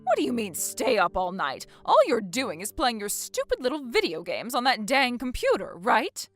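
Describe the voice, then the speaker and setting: A woman's voice: on the high side, huge pitch swings, normal speed, fairly bright tone, soft background music. A woman playing a bossy, scornful older mother-in-law who nags and orders people around. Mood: scolding. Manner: nagging, domineering.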